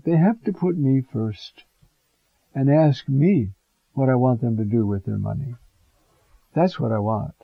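A priest preaching an informal homily, conversational and digressive, often pausing with fillers and asides. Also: male voice, mid-range voice, creaky, no echo, highs cut off.

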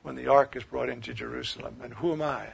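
A man preaching a sermon, swinging from loud declaiming to hushed near-whispers. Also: mid-range voice, steady tone, fast talker, vocal fry, breathy edge. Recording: dull lo-fi recording.

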